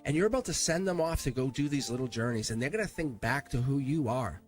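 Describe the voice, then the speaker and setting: A man's voice: mid-range voice, lively intonation, fast, faint music behind. A man hosting a live-streamed tarot reading, speaking earnestly and emphatically and repeating himself for emphasis. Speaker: tarot reader.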